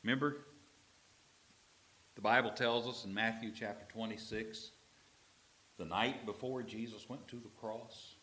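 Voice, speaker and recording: A middle-aged male pastor preaching a sermon, swinging from loud drawn-out proclamations to low, chatty storytelling. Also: steady tone.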